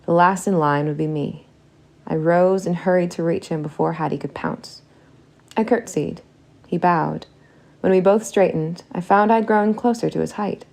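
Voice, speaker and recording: Low, gravelly woman narrating an audiobook. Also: normal speed. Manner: steady, intimate storytelling. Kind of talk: first-person audiobook narration.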